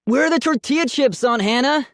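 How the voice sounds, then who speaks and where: A man voicing a greedy, cheeky teenage boy who talks loudly and turns defensive, in an audiobook reading. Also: very high-pitched, fairly quick, no echo, clean studio sound, voice pushed up. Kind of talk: audiobook character voice.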